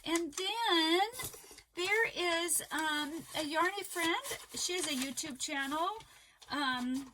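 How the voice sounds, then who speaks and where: A middle-aged woman vlogs casually to camera about crochet mail, halting and emotional, with many fillers and restarts as she loses her voice and goes hoarse. Her voice is very high-pitched, and the background is noisy.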